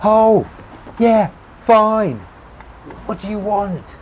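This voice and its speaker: A man doing a shifty Cockney chancer who drawls and hollers to be heard. The voice jumps far above the reader's own, loud and strained in this audiobook scene. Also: sits high, steady tone, moderate pace, slight background noise, pitched above the performer's own voice, close to an everyday voice. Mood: shouting. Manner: yelling, drawling. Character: Cockney man, shifty and eager, shouting over traffic.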